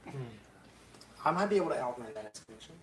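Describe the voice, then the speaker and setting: A man playing in a tabletop game, halting and hesitant as he talks. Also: mid-range voice, lively intonation. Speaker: player. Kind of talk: tabletop role-play chat. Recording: distant, roomy, noisy.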